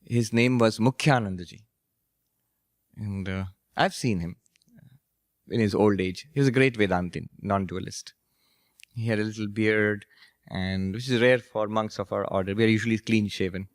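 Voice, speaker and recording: A monk and spiritual teacher giving a storytelling lecture, anecdotal and gently humorous. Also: male voice, lowish voice, normal speed, pauses often, no echo, studio quality. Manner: anecdotal, gently humorous, laughs at his own stories.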